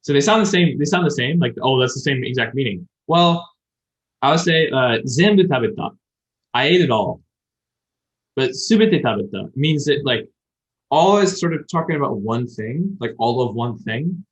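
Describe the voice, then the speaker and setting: A man's voice: a little high, animated, moderate pace, husky, poor audio. A man co-hosting a casual podcast, explaining Japanese vocabulary in a rambling way with lots of fillers and restarts. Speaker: podcast co-host. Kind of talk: casual chat about learning Japanese.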